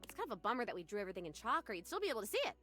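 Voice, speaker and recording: A woman's voice: medium pitch, big pitch swings, racing, music in the background, close to an everyday voice. A woman voicing a bubbly, trusting young woman ghost in a video game, gushing and full of wonder. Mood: chatty, earnest. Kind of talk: voiced video game dialogue.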